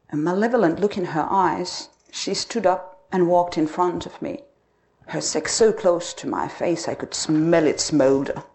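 A woman narrating a dark first-person literary story, expressive and dramatic. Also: fairly low pitch, unhurried.

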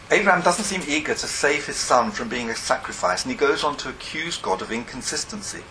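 A man's voice: fairly high pitch, animated, brisk, hardly any pauses, bright, forceful tone, a little hiss or hum, poor audio. A man lecturing to a class, thinking aloud and often correcting himself mid-sentence. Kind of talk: academic lecture.

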